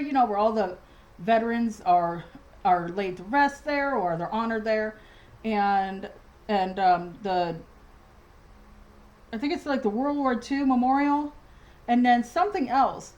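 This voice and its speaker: A woman's voice: fairly high pitch, a little mellow, low-quality recording. A woman ranting in a casual home vlog from her dining room, agitated and rambling, with many restarts and fillers. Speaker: vlogger.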